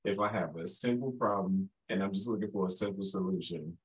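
A man from Chicago with a Chicago accent that carries a Southern touch. His voice sits on the low side, and he chats casually, agreeing readily with "yes, indeed". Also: fairly quick, slightly rough, poor audio. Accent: Chicago with Southern traces. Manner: agreeable, often says "yes, indeed", laughs easily. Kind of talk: casual conversation.

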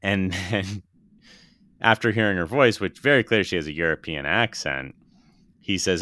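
Man, very low pitch, smooth clear voice, excited casual movie chat. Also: normal speed, pauses often, dry recording. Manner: enthusiastic, swears, retells scenes with laughter. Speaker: podcast co-host.

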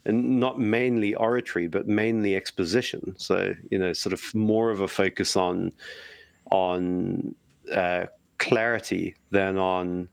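A man's voice: low-pitched, steady tone, unhurried, vocal fry, dry recording. A man, a preacher, chatting casually and thinking aloud with frequent restarts and self-deprecation. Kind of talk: casual podcast chat.

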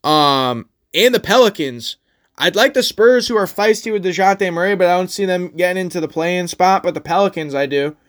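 Man, higher pitch, casual sports podcast, chatty, profane. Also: expressive, normal speed, a bit bright. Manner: chatty, profane, runs through standings. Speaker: podcast co-host.

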